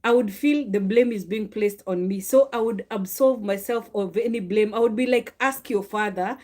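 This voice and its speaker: A middle-aged woman, a mother telling a personal faith story in a lively, confessional way. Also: mid-range voice, moderate pace. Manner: animated, confessional, acts out quoted dialogue. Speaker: mother sharing a faith testimony.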